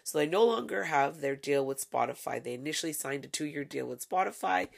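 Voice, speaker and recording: A woman's voice: low voice, animated, a little fast, vocal fry, few pauses. A woman hosting a casual solo podcast, delivering sarcastic, profane, gossipy commentary. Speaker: podcast host.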